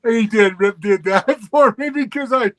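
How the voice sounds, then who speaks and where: A man's voice: high-pitched, measured pace, a bit bright, no room sound. An older man telling a crude, profane story with lots of laughter and acted-out voices. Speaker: guest storyteller.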